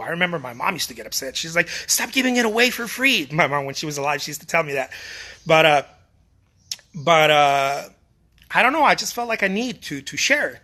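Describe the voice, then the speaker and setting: A man's voice: on the high side, pushed and bright. A middle-aged man giving a casual motivational talk to fellow artists, emphatic and repetitive, often restarting his phrases and swearing casually.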